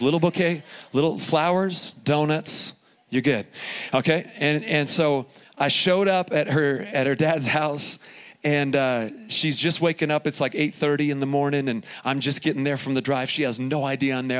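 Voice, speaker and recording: A man in his forties preaching a sermon at a live event, telling stories with humor and lively asides. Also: mid-range voice. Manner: animated storytelling with asides and humor. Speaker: pastor.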